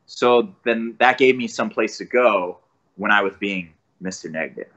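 A man's voice: lowish voice, moderate pace, fairly bright tone. Man, voice actor guest, enthusiastic storyteller, muffled lo-fi sound. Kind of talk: casual podcast interview.

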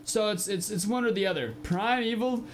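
A young man giving casual, excitable gameplay commentary, swearing often and yelling at his creatures during fights. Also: high voice, fast talker, noisy background. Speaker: gameplay streamer.

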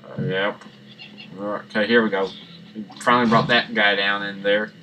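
A man giving rambling, jokey let's-play commentary that breaks into sudden excited yelps. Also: lowish voice, moderate pace, a little hiss or hum, low-quality recording. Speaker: gaming channel host. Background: game music.

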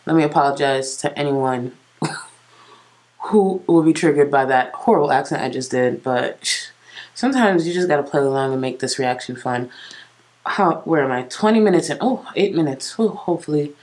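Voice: mid-range voice, lively intonation, normal speed, a little mellow. A reaction host giving casual, blunt and critical commentary over a clip.

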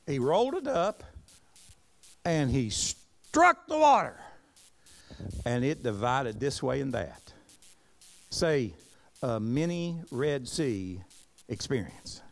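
Animated preacher man with a lively pitch. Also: slow, long pauses. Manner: animated preaching, reads scripture aloud and asks the congregation to repeat words; folksy Southern-flavored asides. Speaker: pastor. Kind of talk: sermon. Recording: live church service recording.

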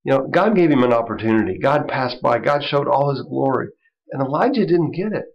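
A man teaching a Bible study in a loose, conversational style, with many asides and light chuckles. His voice is gravelly, and the recording sounds dull and lo-fi. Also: medium pitch, animated, a little fast. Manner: conversational, chuckling, lots of "you know". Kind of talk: informal Bible lesson.

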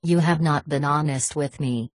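A woman's voice: deep voice, moderate pace, no echo. A woman voicing a stern, wary older male scholar in an audiobook, cold and formal.

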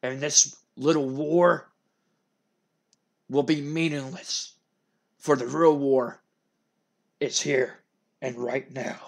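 A man voicing a sinister wrestler villain who speaks for a dark lord, talking slowly and ominously. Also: fairly even intonation. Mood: menacing. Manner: slow, booming, ominous delivery.

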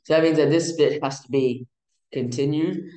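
A man teaching music theory in a casual, halting way, with many fillers and restarts. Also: on the high side, warm tone, roomy sound, rough recording. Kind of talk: casual explanatory lesson.

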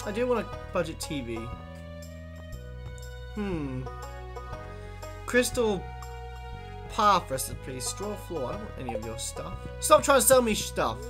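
Brief: lively let's play host, chatty and exclamatory, game music underneath. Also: medium pitch. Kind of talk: casual gameplay commentary.

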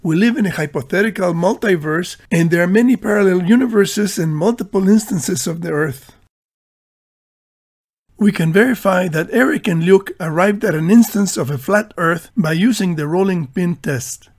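A man reading a scripted, tongue-in-cheek voice-over with dry, deadpan humor. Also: sits high, normal speed. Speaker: video narrator.

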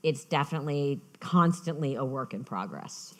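A woman author talking as a guest in an onstage conversation at a festival. She tells lively anecdotes and often restarts her sentences. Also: rumbling low, moderate pace. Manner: lively storytelling, frequent restarts. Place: festival stage.

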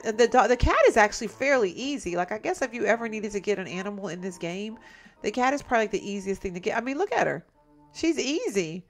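A woman giving casual let's-play commentary, chatty and exasperated, often talking to her viewers as "y'all". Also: medium pitch. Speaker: gameplay commentator.

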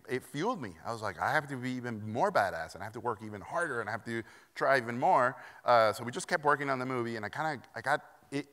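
A middle-aged man from Mexico delivers a keynote in a large hall, his bright, crisp voice carrying a long reverb. He tells stories in an animated, self-deprecating way and acts out the voices of the people in them. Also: mid-range voice. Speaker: keynote speaker. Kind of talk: conference keynote storytelling. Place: conference hall.

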